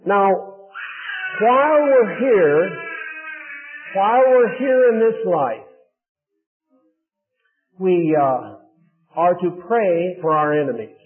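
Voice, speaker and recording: A high-voiced man preaches a sermon, explaining scripture earnestly and pressing his points with rising emphasis. The audio is thin and tinny, like a phone line. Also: expressive, takes it slowly, pauses often, faint music behind.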